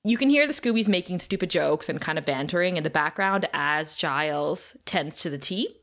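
A woman co-hosting a podcast, recapping an episode in animated casual chat, laughing often and swearing. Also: low-pitched, moderate pace. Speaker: podcast co-host.

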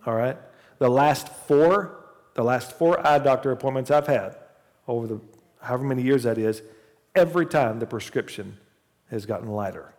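A man's voice: medium pitch, moderate pace, a little mellow, long reverb tail. A man in his forties preaching a sermon in church as the pastor, telling a casual personal story before building to fervent preaching. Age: 40s. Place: church sanctuary.

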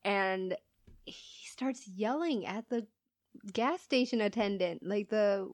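A woman's voice: mid-range voice, slow pace, no echo. A woman co-hosting a podcast, telling stories in casual chat, laughing often and swearing as she acts out the people in them. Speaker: podcast co-host.

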